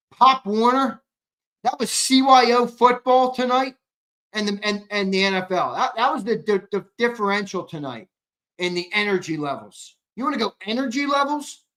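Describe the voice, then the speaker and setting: A tired young man hosting a live postgame sports stream, reading chat comments and ribbing viewers in a blunt, casual way. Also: sits high. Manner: blunt, ribbing chatters, swings from mumbling to loud outbursts. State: tired, yawning.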